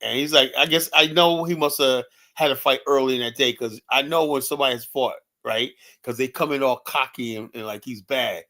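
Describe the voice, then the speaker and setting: A man from Virginia in casual chat, telling rough stories from his club security days, with lots of profanity and "you know". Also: medium pitch. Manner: fast, animated storytelling with heavy profanity and "you know". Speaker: podcast guest, former club security.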